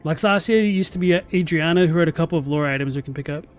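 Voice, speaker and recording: High-voiced deadpan young man streaming. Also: fast talker. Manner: rambling, filler-heavy. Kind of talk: casual live-stream chat while gaming. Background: faint game music.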